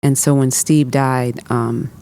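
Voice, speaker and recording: A woman in her fifties speaks as a podcast guest, with a gravelly, creaky edge to her voice. Her tone is mellow and dark rather than bright. She tells a personal story conversationally, acting out what people said and filling pauses with "um" and "like". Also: extremely low pitch, steady tone. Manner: recounts events with reported dialogue and frequent fillers.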